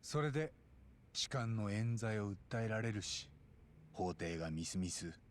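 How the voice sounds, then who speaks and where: An actor playing a blunt, gruff young male private detective in a video game. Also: lowish voice, expressive, fairly quick, slight background noise, close to an everyday voice. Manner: blunt, rough-edged speech. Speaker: game character.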